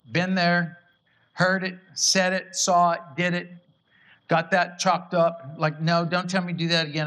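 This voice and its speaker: A man's voice: high voice, fairly bright tone. A middle-aged male pastor preaching a sermon in a conversational way, acting out his own thoughts as he tells a story.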